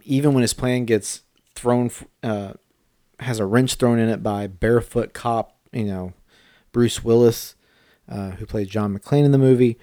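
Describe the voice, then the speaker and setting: A man's voice: medium pitch, dark tone, no echo, studio quality. A middle-aged man co-hosting a podcast in casual chat, talkative and tripping over his words now and then. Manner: chatty, trips over words. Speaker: podcast co-host.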